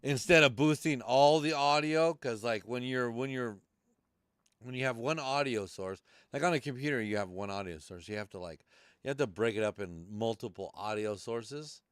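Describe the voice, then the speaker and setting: A man's voice: medium pitch, normal speed, clear, resonant tone, no room sound, studio quality. A man hosting a live podcast stream, talking loosely and cursing as he rambles through tech troubles. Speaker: podcast host. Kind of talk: casual live-stream chat.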